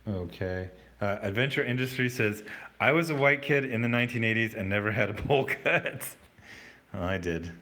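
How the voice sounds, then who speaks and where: Man on a livestream, lowish voice, casual, halting, lots of ums and restarts. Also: sharp tone. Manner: rambling, halting, many fillers and restarts. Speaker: livestream host reading chat.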